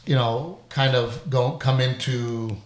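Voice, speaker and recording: A middle-aged man talks loosely and animatedly, breaking into laughs and the odd curse as he hosts a casual podcast. His voice sits at an ordinary pitch, and the room gives it a noticeable echo. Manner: animated, swearing, quick bursts of laughter. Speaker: podcast host. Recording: roomy echo.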